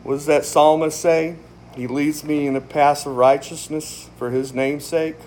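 A man's voice: a little high, little pitch movement, unhurried, a little mellow, slight background noise. A man, a pastor, giving a casual, emphatic sermon in conversational language, laughing often. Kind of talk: casual sermon, Bible study.

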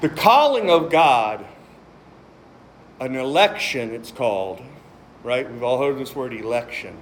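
A man's voice: medium pitch, a little slow, slight background noise. A man preaching a sermon, reading scripture aloud with emphasis and cracking jokes between verses. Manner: animated, joking, reads scripture aloud with emphasis.

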